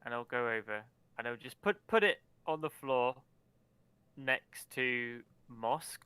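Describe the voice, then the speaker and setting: Man, tabletop player, smooth clear voice, dry close sound, stammering and apologetic. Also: mid-range voice, slow, pushed and bright, dry recording. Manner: hesitant, apologetic, stammering restarts. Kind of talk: playing a character at a tabletop game.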